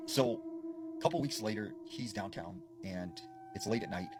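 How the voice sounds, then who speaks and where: A man's voice: fairly low pitch, huge pitch swings, moderate pace, vocal fry, noisy background. A man telling a scary story in a casual, rambling way, with lots of fillers. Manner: rambling, full of "like" and "you know".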